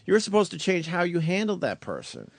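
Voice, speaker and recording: A man's voice: huge pitch swings, fairly quick, creaky, no echo. Profane, frank male radio host. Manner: frank and profane, swings from low and quiet to loud. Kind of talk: candid radio talk.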